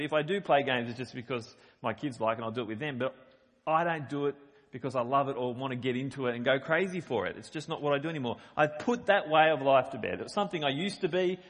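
A middle-aged preacher's medium-pitched, slightly bright voice rings through long hall reverb. He reads scripture and explains it conversationally, punching the quoted lines with emphasis.

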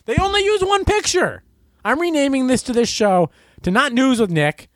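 A man's voice: extremely high pitch, big pitch swings, normal speed, fairly bright tone, no echo. Guy ranting sarcastically about the news, voice all over the place, super dry close sound. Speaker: host of a news commentary show. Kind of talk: ranting comedic news commentary.

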